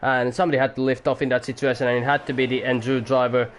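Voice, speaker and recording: A man doing amateur commentary on a sim race at home, excitable at times, swearing now and then, and keeping his voice down for the neighbours. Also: medium pitch, racing. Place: home room.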